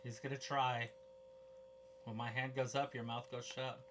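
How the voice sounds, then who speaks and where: A woman's voice: a bass voice, a little slow, slight background noise. A woman co-hosting a casual live watch-along of a wrestling show, bantering and joking. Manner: animated, jokey banter. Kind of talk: casual live reaction chat.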